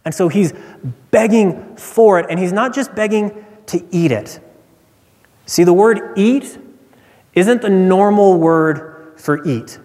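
A man's voice: sits high, takes it slowly, long pauses, darkish tone, long reverb tail. A man preaching a sermon as a pastor, earnest and emphatic, who repeats his key lines for weight.

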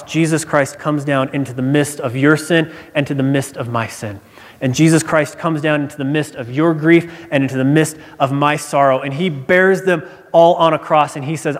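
A man preaching a sermon as pastor, earnest and emphatic, repeating his key points, recorded in a church sanctuary with long reverb. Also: a little high.

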